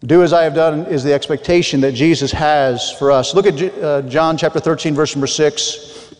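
A man's voice: a little high, moderate pace, long reverb tail. A man preaching a sermon, reading scripture aloud and explaining it earnestly, with frequent restarts.

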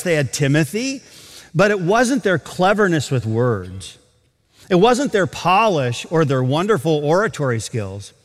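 Male preacher, lively pitch, emphatic sermon delivery, long hall reverb. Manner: emphatic, slows down to stress scripture.

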